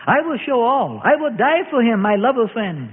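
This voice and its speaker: A man's voice: very high-pitched, sing-song, moderate pace, big-room sound, phone-quality sound, voice pushed up. A man voicing Peter, an impulsive and zealous male disciple, speaking earnestly and vehemently.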